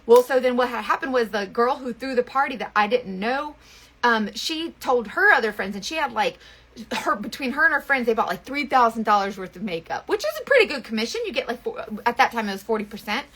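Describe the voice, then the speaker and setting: A woman's voice: on the high side, animated, fairly quick, a bit bright. A woman telling a rambling story in casual chat, full of fillers and restarts. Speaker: makeup seller and vlogger.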